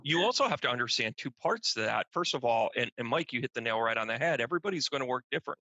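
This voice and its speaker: A man's voice: medium pitch, expressive, fast talker, pushed and bright, no echo, highs cut off. A man hosting a casual podcast chat as a medium, emphatic and repeating words as he starts. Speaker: host, medium.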